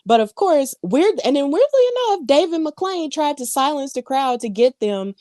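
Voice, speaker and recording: A woman's voice: sits high, expressive, moderate pace, hardly any pauses, mellow, dry recording. Chatty woman podcast co-host, dry sound. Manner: chatty, many fillers and asides. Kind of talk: casual wrestling recap chat.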